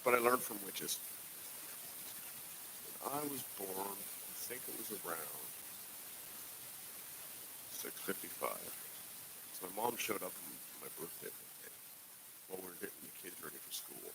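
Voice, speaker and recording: A man's voice: deep voice, very animated, measured pace, gravelly, long pauses, heavy background noise. A man co-hosting a casual podcast, talking in a loose, jokey, rambling way and swearing freely. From Canada. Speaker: podcast co-host. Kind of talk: casual chat.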